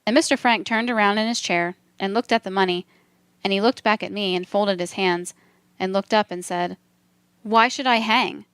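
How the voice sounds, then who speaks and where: Smooth-voiced woman reading a documentary. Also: medium pitch, steady tone, a little fast, fairly bright tone, dry recording. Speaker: documentary reader.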